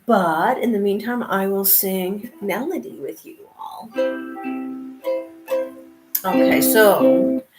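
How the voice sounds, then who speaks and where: A woman's voice: medium pitch, measured pace, hardly any pauses, loud music behind the voice. A woman teaching ukulele on a live stream, chatting casually and encouraging the viewers as she talks them through a song. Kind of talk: casual instruction and sing-along.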